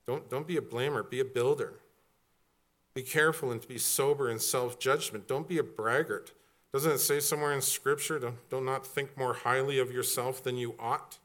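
A man's voice: mid-range voice, fairly even intonation, normal speed, fairly bright tone. Middle-aged man, pastor, casual sermon delivery with humor. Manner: conversational, jokey, acts out quoted voices.

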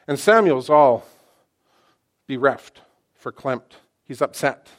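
Slow and medium-pitched, a middle-aged man's voice carries an excitable, conversational sermon. He's animated throughout and frequently restarts what he's saying.

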